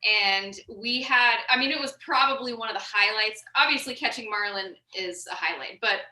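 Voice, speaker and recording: Cheerful lady who trains birds, easygoing chat, really bright voice, kinda high. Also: moderate pace, reverberant, rough recording. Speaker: bird trainer guest. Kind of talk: casual chat.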